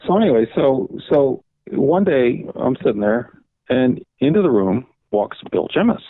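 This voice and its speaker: A man's voice: mid-range voice, sing-song, unhurried, dry recording. An older man, a guest on an interview podcast, telling rambling anecdotes, often circling back with "so anyway" and acting out what others said. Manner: rambling anecdotes, repeats "so anyway", acts out quoted dialogue. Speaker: guest, veteran comics editor. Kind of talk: casual interview storytelling. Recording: dry tinny phone-like line.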